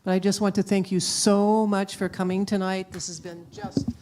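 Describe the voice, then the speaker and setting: A woman's voice: medium pitch, level tone, normal speed, background noise. A woman hosting a spiritual center event, thanking the guest and leading the offering. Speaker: host of spiritual center talk.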